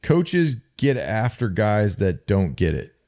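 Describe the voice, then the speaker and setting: Lowish-voiced guy swapping locker room stories, lots of cursing, sarcastic. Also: sing-song, slow pace, a little mellow. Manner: profane, sarcastic storyteller mimicking coaches. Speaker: podcast co-host, former football player. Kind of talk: casual chat, storytelling.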